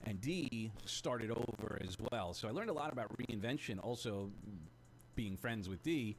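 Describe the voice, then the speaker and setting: A man being interviewed as a guest over a choppy remote call, telling stories in a relaxed, rambling way with fillers. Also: on the low side, normal speed, gravelly, slight background noise. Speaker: guest, music producer. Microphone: remote video call link, choppy.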